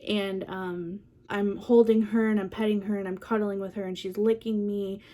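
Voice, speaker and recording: Soft-spoken young woman vlogging candidly. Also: mid-range voice, level tone. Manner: soft, candid, many fillers and trailing pauses. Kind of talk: casual personal storytelling.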